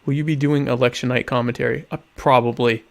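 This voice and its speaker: This young podcast host speaks quickly in a medium-pitched voice with vocal fry and fairly even intonation. On his casual live-streamed talk show, he reads out viewer questions and answers them with sardonic, mock-pompous humor.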